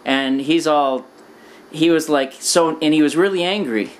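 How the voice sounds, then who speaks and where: A storyteller, a man, casually and unhurriedly rambles through an anecdote packed with "you know" and "like." He acts out quoted lines with sudden jumps in pitch.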